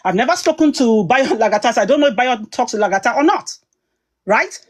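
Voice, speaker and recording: Woman ranting on a live stream, worked up, slightly high voice, keeps circling back. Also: animated, fast talker. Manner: agitated, emphatic, rambling. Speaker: online commentator. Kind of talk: heated livestream talk.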